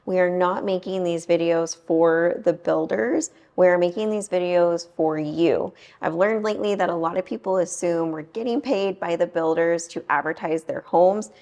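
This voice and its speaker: A woman's voice: fairly low pitch, normal speed, few pauses, dark tone. A woman real estate agent chatting enthusiastically to camera in a home's kitchen, talking straight to her viewers. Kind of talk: casual home-tour chat to camera. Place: kitchen of a house.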